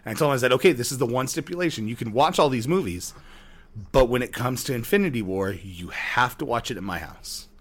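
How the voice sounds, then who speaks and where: A man in his thirties co-hosting a podcast, chatting casually and telling long, animated stories with many restarts. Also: medium pitch, fast, breathy edge. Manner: rambling, animated storytelling with frequent restarts. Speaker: podcast co-host. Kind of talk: casual chat.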